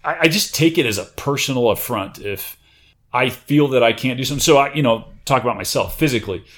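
A man's voice: mid-range voice, lively intonation, quick pace, a bit bright. A man in casual conversation, talking confidently and emphatically about drive and competition. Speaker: retired military chief.

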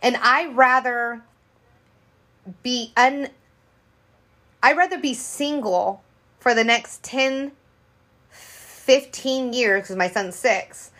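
A woman in her thirties talks on a podcast in an open, unfiltered way. Her voice sits a little high, and she swears freely and loops back on herself often. It sounds like a relaxed, candid conversation. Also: slow, pauses often. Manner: frank, profane, rambling with many restarts. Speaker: podcast co-host. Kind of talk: candid casual chat.

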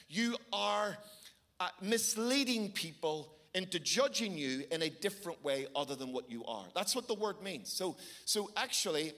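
A middle-aged Irish man preaching a sermon, telling stories with animated, sometimes shouted bursts. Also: sits high. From Ireland. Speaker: pastor.

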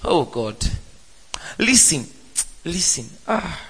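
A man preaches a sermon in a high voice that swings widely. He asks rhetorical questions and breaks into sudden loud exclamations. His voice carries a long reverb from a church hall. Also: big pitch swings, takes it slowly, slightly rough.

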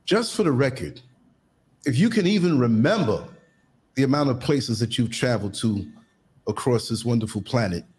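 A man hosting a podcast, asking his guest questions in a deferential, measured way. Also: medium pitch, expressive, a little mellow, breathy edge. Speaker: podcast host. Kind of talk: interview questions.

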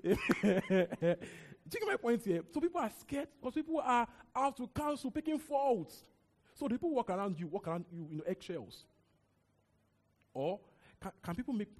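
High-voiced Nigerian preacher in a hall. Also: male voice. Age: young adult. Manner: animated, conversational preaching with repeated words and asides. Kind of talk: sermon. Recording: long hall reverb.

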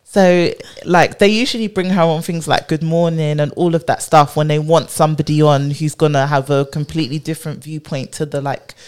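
A woman co-hosting a podcast in casual, emphatic chat, quick to laugh. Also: deep voice, steady tone, darkish tone, clean tone. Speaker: podcast co-host.

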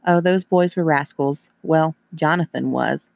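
A man voicing a kind, upbeat young woman veterinarian in her late twenties, with a calm, reassuring manner. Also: on the high side, unhurried, creaky, no echo, clean studio sound.

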